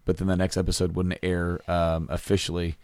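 A man's voice: deep voice, completely flat delivery, brisk, darkish tone, no room sound. A man co-hosting a podcast in casual chat, retelling stories in a rambling, enthusiastic way with many fillers. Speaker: podcast co-host.

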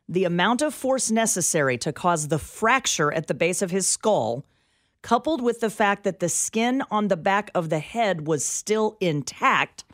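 A woman's voice: medium pitch, lively intonation, measured pace. Brief: woman co-host on talk radio, mid-range voice, incredulous and questioning, studio mic. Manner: incredulous, questioning, reads reports aloud. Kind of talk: casual talk radio chat. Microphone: studio microphone.

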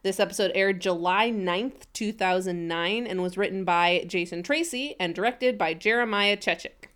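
A woman's voice: mid-range voice, moderate pace, a bit bright, smooth. A woman co-hosting a comedy podcast, chatting casually in a playful, sarcastic way and laughing often. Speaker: podcast co-host.

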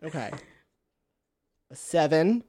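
A playful woman at a tabletop game, her pitch swinging widely as she argues and jokes. She laughs a lot and speaks emphatically. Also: lively intonation, slow, dark tone, no room sound, clean studio sound. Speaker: player.

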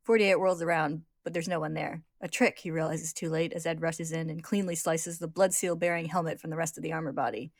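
A woman narrating a story recap in a lively, casual way, acting out the characters. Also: sits low, no echo, studio quality. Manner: lively, brisk narration with acted voices.

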